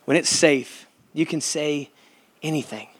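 A man's voice: fairly high pitch, unhurried. A man preaching a sermon as pastor at a church service, impassioned and quoting scripture as he lays out numbered steps.

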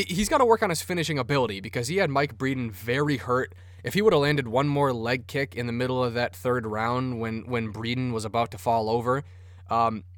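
A man's voice: medium pitch, no echo, clean studio sound. A man hosting a sports podcast, rambling casually and cursing freely. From Minnesota. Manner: profane, rambling, enthusiastic. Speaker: podcast host.

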